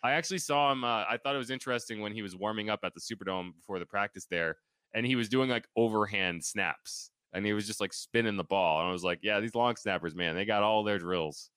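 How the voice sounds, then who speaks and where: A man co-hosting a casual sports podcast, talking fast and joking with a sarcastic streak. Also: fairly low pitch, fairly bright tone, clear, resonant tone, no echo. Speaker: podcast co-host.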